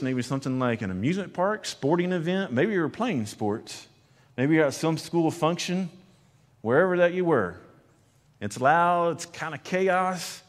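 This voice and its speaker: A male pastor preaching a sermon, earnestly shifting between loud emphasis and quiet, slow lines. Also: mid-range voice. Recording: long hall reverb.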